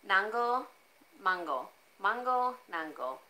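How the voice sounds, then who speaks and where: Slow-talking chatty woman selling jewelry. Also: lively intonation, fairly bright tone, slight background noise, rough recording. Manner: chatty, easily sidetracked, laughs often; talks to her cat in a high coaxing voice. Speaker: online jewelry seller. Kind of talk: casual live-stream sales chat.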